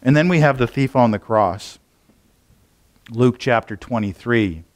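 This is a man preaching in church with a medium-pitched voice at a measured pace. The sermon comes across as casual rambling, conversational, with plenty of fillers and restarts.

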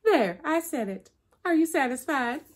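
A woman voicing a calm, clever female little bush deer who answers innocently. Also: high voice, unhurried, pitched above the performer's own voice. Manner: calm, innocent, playing along.

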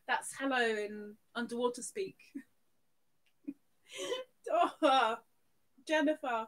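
A woman's voice: a little high, takes it slowly, pauses often. A woman hosting a live stream, gushing affectionately as she reads out viewers' names and thanks them. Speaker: livestream host.

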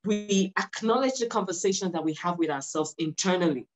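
A woman who works as a mindset stylist is a guest on a podcast interview, speaking briskly in a lower voice over a rough recording. She is earnest and encouraging, repeating words for emphasis in the conversation.

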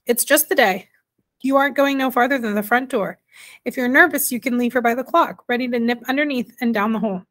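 A woman doing a sharp, bossy tiny mother. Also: a little high, fairly quick, natural voice. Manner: sharp and insistent.

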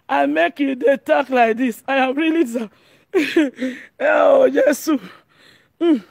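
A Nigerian woman from Edo giving an animated monologue as an online commentator, excitable and often shouting and laughing. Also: sits high, a little slow, creaky, no echo, studio quality.

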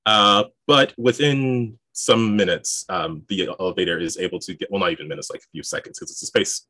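A man running a tabletop game as game master, relaxed, laughing often and filling pauses with "uh" and "um.". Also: low-pitched, dry recording.

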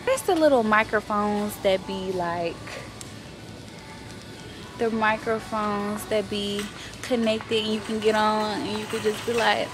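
A woman's voice: medium pitch, measured pace, music in the background. A young woman vlogging casually from her car and then a big store, chatty and profane as she vents. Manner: chatty and profane, venting frustration. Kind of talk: casual vlog chat. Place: car, then a large home decor store. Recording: noisy phone recording with traffic and store sounds.

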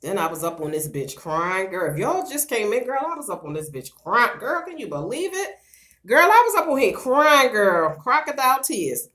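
Animated, bright-voiced woman livestreaming. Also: mid-range voice. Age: middle-aged. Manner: loud, playful, quick to burst into laughter; slangy and animated, talks straight to viewers. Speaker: vlogger doing a livestream. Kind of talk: casual livestream chat. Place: at home doing her hair on camera.

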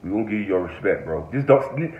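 Excitable man ranting, tinny and echoey. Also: lowish voice, quick pace, slight background noise. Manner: excited, profane, repeats exclamations. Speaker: reaction vlogger. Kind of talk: casual reaction rant. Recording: echoey room, phone-like sound.

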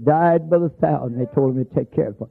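Gravelly preacher on lo-fi tape. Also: male voice, on the high side, fast talker. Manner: folksy storytelling, calls out scripture with emphasis. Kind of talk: holiness sermon. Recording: phone-like lo-fi sermon tape.

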